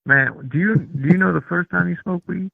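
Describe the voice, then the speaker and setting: Man host, excitable, slangy, gravelly, tinny phone-like sound. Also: sits high, moderate pace, a little hiss or hum. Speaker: show host. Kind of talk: casual call-in chat.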